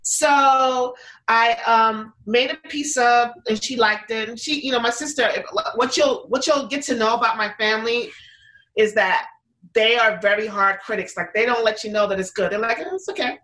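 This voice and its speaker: A woman talking through her story in a relaxed interview, her voice bright and a little high. She rambles with fillers and restarts and slips into quick impressions of what people said. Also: poor audio. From United States. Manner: chatty, many fillers and restarts, acts out quotes. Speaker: interview guest, pizza business owner.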